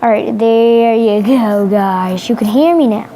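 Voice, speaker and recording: A woman hosting a playful pet vlog, excitable and giggly, talking into a headset microphone and breaking into shrieks. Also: on the high side, measured pace. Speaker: channel host.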